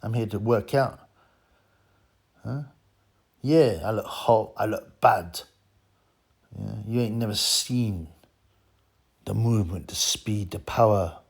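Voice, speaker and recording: A man's voice: lowish voice, vocal fry, husky. A man ranting bluntly through a story on his vlog, repeating himself indignantly. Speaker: vlogger.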